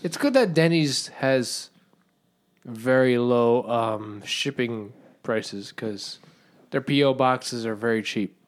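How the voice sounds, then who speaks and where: A man cohosting a podcast, dropping deadpan absurd asides and swearing. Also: mid-range voice, takes it slowly. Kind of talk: casual comedic banter.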